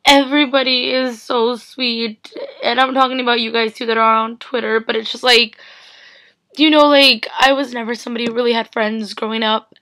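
A young woman talks straight to camera in a bright, fairly high voice, teary and on the edge of crying. She rambles through her thoughts with endless "like" fillers. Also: fairly even intonation, normal speed. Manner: tearful, rambling, full of "like" fillers. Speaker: vlogger. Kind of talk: emotional casual vlog.

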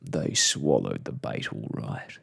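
A man voicing two sly, villainous creatures in a soft-spoken ASMR storybook reading, growling and chuckling grimly in a much deeper voice. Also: sing-song, takes it slowly, creaky, slightly rough, full character voice. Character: two sly villainous Banksia men, gruff and grim.

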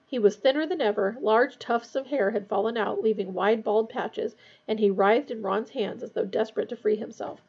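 A woman reading a novel aloud in a steady, measured way. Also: fairly high pitch, slightly rough, lo-fi sound. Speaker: audiobook reader.

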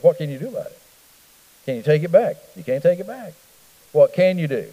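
Folksy pastor in a reverberant church. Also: male voice, fairly high pitch, lively intonation, brisk, dark tone. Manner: conversational, folksy, asks the room questions. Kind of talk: Bible study teaching. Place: church hall.

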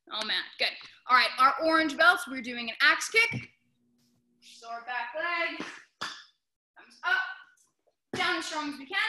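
Bright-voiced woman martial arts instructor. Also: high voice. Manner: calls out short commands, shouts sharp yells in demonstrations. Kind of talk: coaching a class through drills. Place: indoor training hall. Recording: roomy echoey hall.

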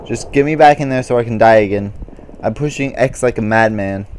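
A man's voice: medium pitch, brisk, a little mellow, slight background noise. Frustrated guy doing gameplay commentary. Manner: confused, frustrated muttering, says "dude" a lot. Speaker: gamer.

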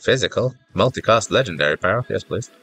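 A man's voice: fairly low pitch, expressive, fast, fairly bright tone, husky. A man giving casual gameplay commentary, rambling and self-mocking, easily flustered, with a congested, stuffy-nosed voice. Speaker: gaming YouTuber. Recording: faint game music behind.

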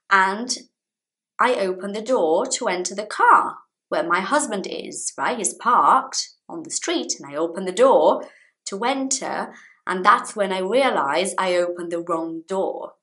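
Bright, animated woman teacher. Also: mid-range voice. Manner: animated, repeats phrases for learners. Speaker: English teacher. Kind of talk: storytelling lesson to camera.

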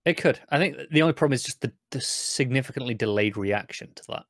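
A man's voice: medium pitch, fast, no echo. A man co-hosting a casual TV podcast, with dry, sardonic remarks. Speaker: podcast co-host.

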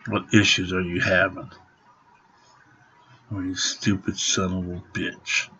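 A man's voice: sits low, little pitch movement, takes it slowly, pushed and bright, breathy edge. A middle-aged man ranting and swearing to the camera in an angry home vlog. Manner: profane, ranting, grumbling. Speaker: vlogger. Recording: dull lo-fi home recording.

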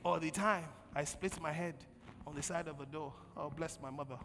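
A man preaching a sermon as pastor, calling on the congregation to answer and swinging from loud bursts to quiet storytelling. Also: a little high, steady tone, normal speed. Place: large church hall. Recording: long church hall reverb, faint music.

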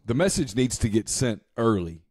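A man's voice: mid-range voice, very animated, normal speed, darkish tone, breathy edge, no echo. A man co-hosting a sports podcast, talking casually with dry sarcasm. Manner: sarcastic, mock-serious.

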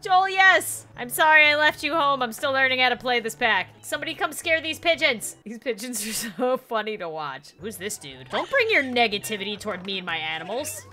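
Giggly high-pitched young woman gaming. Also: brisk, few pauses. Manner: giggly, excitable, talks to her game animals. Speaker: gaming YouTuber. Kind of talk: let's play commentary.

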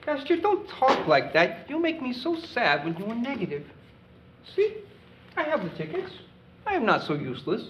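A woman acting out a timid, stammering husband, apologetic, with a lively, sing-song voice on a slightly dull recording. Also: on the high side, normal speed, background noise. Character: meek, apologetic husband Jim.

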